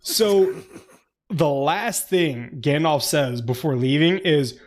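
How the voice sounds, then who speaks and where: A man's voice: on the high side, expressive, slow. A man co-hosting a casual book club podcast, laughing often, swearing freely, and acting out quotes from the book. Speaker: podcast co-host.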